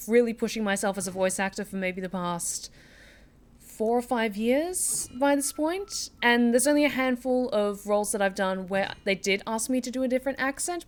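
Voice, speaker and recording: A woman's voice: medium pitch, smooth. Woman, voice actor, streamer, giggly, chatty, casual. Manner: giggly, chatty, warm-hearted. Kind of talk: casual live-stream chat.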